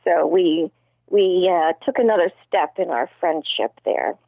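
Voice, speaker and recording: A woman in casual conversation, telling gentle anecdotes in a deadpan way. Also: on the low side, a little slow, vocal fry, no room sound. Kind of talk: casual chat. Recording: tinny phone line.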